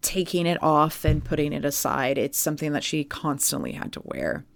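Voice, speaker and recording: A woman's voice: low-pitched, lively intonation, normal speed, vocal fry, no room sound. A woman co-hosting a podcast, telling a music history story in a casual, chatty way with plenty of fillers. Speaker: podcast co-host.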